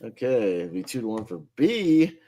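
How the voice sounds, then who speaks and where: A man's voice: medium pitch, big pitch swings, normal speed, mellow. A man hosting a casual online group chat, upbeat and laughing often as he runs the votes. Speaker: host.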